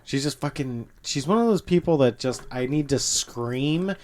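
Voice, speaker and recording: A man's voice: mid-range voice, expressive, normal speed, a little mellow. A man chatting as a podcast guest, blunt and swearing freely. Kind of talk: casual chat.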